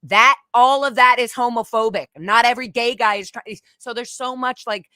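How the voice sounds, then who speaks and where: A woman's voice: a little high, normal speed, pushed and bright, dry recording. Impassioned woman guest, dry close sound. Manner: impassioned, emphatic, gets emotional. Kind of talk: candid conversational interview.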